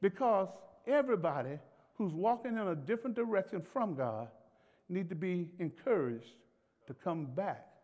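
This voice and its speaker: A man's voice: high voice, lively intonation, moderate pace, darkish tone. A man preaching a sermon as pastor, in a folksy, conversational way with laughter and acted-out pleading. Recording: long hall reverb.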